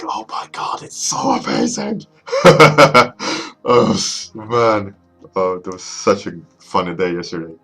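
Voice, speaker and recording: A man in his thirties, an artist chatting casually as he works, rambling and halting with many restarts. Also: sits low. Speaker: artist streaming a warmup session. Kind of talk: casual storytelling while working.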